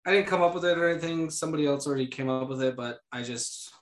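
A woman's voice: low voice, fast. A woman hosting a casual podcast chat, friendly, explaining things in plain terms. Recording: roomy echo.

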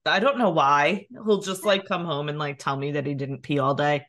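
A woman's voice: sits low, normal speed, a bit bright. A woman co-hosting a podcast, chatting casually and encouragingly, laughing along. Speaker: podcast co-host. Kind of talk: casual chat.

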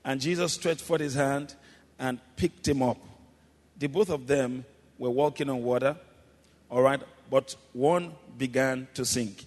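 Guy preaching a sermon, mid pitch, gets the crowd repeating after him and goes loud, big hall echo. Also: steady tone, a little slow. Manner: calls congregation to repeat after him, rising to shouts. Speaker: pastor. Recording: long hall reverb.

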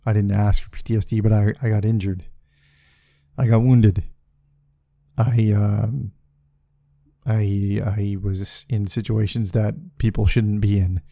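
A man hosting a solo podcast, talking in a halting, profane way with many restarts and sounding frustrated. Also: on the low side, flat delivery, vocal fry, dark tone, no room sound, clean studio sound. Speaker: podcast host. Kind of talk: casual solo podcast monologue.

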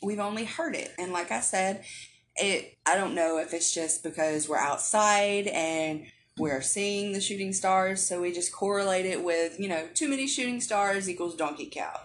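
A woman's voice: medium pitch, moderate pace. A woman in a mid-range voice chats as a podcast guest, recounting odd happenings wryly and plainly. A faint ambient hum runs under her voice. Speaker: interview guest. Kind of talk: casual interview chat.

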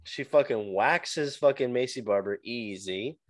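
Blunt profane man co-hosting. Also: mid-range voice. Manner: blunt, profane, a bit halting. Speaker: podcast co-host. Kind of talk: casual chat.

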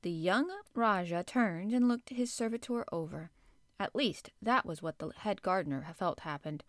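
A woman narrating a children's classic in a measured storytelling manner. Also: lowish voice, no room sound, studio quality. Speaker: audiobook narrator. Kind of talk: scripted narration.

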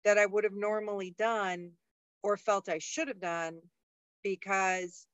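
A woman's voice: mid-range voice, fairly even intonation, measured pace, smooth, dry recording. A woman co-hosting a podcast in casual chat, talking frankly and thinking aloud, swearing freely. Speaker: podcast co-host. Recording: dull lo-fi dry sound.

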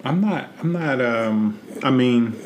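A man's voice: mid-range voice, expressive, slow, darkish tone, slight background noise. A man with a Midwestern US accent, co-hosting a podcast in casual chat, laid-back and teasing. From Ohio, US. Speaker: podcast co-host.

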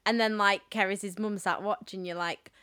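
A woman's voice: medium pitch, steady tone, moderate pace, bright, forceful tone, smooth. A young woman co-hosting a podcast in casual chat, giggly and swearing freely as she tells stories. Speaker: podcast co-host.

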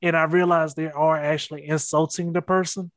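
A man's voice: fairly high pitch, little pitch movement, fairly quick. A man from South Carolina, a comedian hosting a podcast, chatting casually and cracking jokes. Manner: joking, easygoing. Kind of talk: casual chat.

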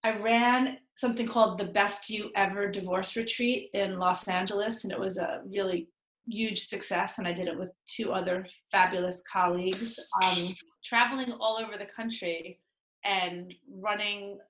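A woman's voice: mid-range voice, fairly even intonation, moderate pace, fairly bright tone, echoey room, rough recording. A middle-aged woman with a nasal voice, a divorce lawyer and coach answering interview questions in a chatty, upbeat way, laughing often and using many fillers.

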